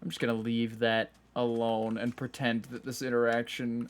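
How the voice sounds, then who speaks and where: A man's voice: mid-range voice, level tone, unhurried. A man streaming a game live, talking casually and joking at himself with frequent laughs, keyboard typing behind him. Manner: chatty, self-mocking, laughs often.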